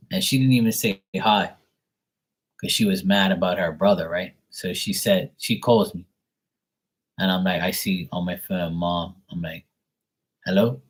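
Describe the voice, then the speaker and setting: A man running a live tarot stream, chatting and rambling in a casual, loose way. His voice sits a bit low, and he swears freely and laughs often as he talks. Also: poor audio. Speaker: tarot reader.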